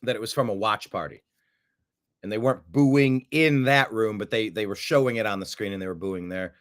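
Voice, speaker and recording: A man's voice: lowish voice, brisk. A man hosting a political commentary show, talking emphatically and sarcastically, often repeating words for effect. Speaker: host.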